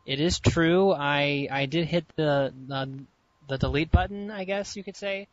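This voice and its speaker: A man's voice: on the high side, unhurried. A man chatting on a podcast in a hesitant, rambling way, asking the others questions. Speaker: podcast guest and co-host. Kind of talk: casual chat. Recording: lo-fi voice chat with faint noise.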